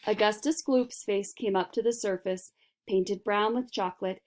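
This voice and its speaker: A woman reading a children's storybook aloud with expressive, dramatic narration. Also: medium pitch, normal speed. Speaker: reader.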